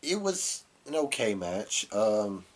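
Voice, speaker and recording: A podcast co-host gives a loose, rambling recap of a wrestling show while getting over a cold, coughing as he goes. His lowish voice swings widely in pitch and he speaks slowly.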